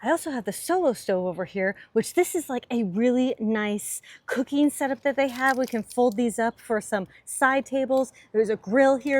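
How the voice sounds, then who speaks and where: Playful higher-voiced woman cooking vlogger. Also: no echo. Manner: playful, joking, chatty demonstrating. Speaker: host. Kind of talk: casual cooking vlog. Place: outdoors at a cabin.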